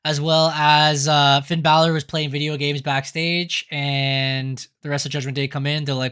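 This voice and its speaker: Man, podcast co-host, slightly high voice, casual recap, quick delivery. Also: fairly even intonation, a bit bright, clean tone. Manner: quick, acts out quoted lines. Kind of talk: casual chat, recapping wrestling shows.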